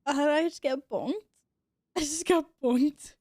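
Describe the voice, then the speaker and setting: Woman, streamer, hiccuping, giggly, flustered, swears, fairly high, dry. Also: a little slow, a little mellow, no room sound. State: has the hiccups. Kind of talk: casual gaming stream chatter.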